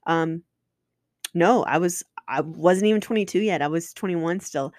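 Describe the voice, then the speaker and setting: A woman's voice: fairly low pitch, moderate pace, darkish tone, no echo, studio quality. A woman in her twenties, a podcast host telling a personal story candidly and emotionally, swearing and restarting often.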